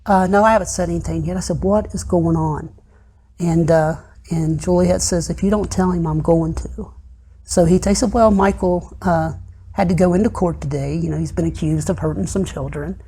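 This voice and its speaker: A middle-aged man, a guest in an interview, gives a personal testimony, recounting events haltingly with many pauses and frequently sinking soft and low. His husky voice keeps a steady tone.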